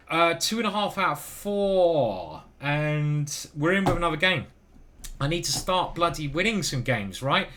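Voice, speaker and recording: A man's voice: mid-range voice, a bit bright, a little hiss or hum. A man commentating his own online chess games live, chatty and thinking aloud, with casual swearing. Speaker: chess grandmaster streamer.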